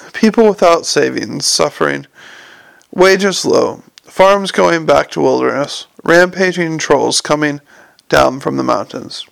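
Guy doing a keen little tinkerer in a storybook, earnest, bit higher and gravelly. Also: lively intonation, slow pace, fairly bright tone, no room sound, full character voice. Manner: earnest, enthusiastic explaining. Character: eager little man, a gadget-loving tinkerer.

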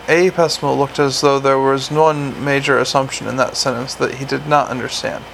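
A man narrating an audiobook with dry, measured storytelling. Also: medium pitch, fairly even intonation, vocal fry, fairly bright tone, a little hiss or hum, rough recording. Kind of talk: scripted narration.

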